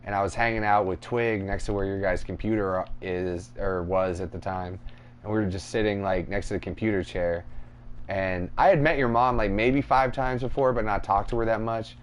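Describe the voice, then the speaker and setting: A man's voice: fairly low pitch, normal speed, a little hiss or hum. A man co-hosting a podcast, telling crude stories in casual chat and acting out other people's voices. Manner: crude, animated, acts out voices in anecdotes. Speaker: podcast co-host.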